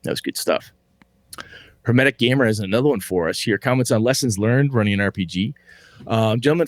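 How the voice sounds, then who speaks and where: A man's voice: medium pitch, a little fast, no echo. A man co-hosting a casual podcast, rambling and swearing freely as he reads listener mail. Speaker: podcast co-host.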